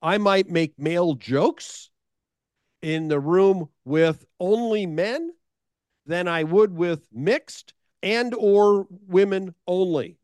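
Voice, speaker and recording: A man's voice: sits high, slow, darkish tone, smooth, no room sound. A middle-aged American man, a sales speaker, telling stories in a conversation with repeated words and rhetorical questions. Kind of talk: storytelling in a conversation.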